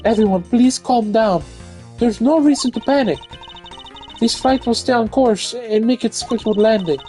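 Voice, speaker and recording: Guy doing a high stern flight attendant lady, polite but firm, very proper. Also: moderate pace, warm tone, soft background music.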